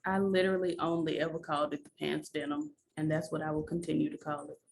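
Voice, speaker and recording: A woman's voice: sits low, flat delivery, quick pace, vocal fry, slight background noise. A young woman with a Southern US accent co-hosting a casual chat, with a dry, blunt, sarcastic manner. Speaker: podcast co-host.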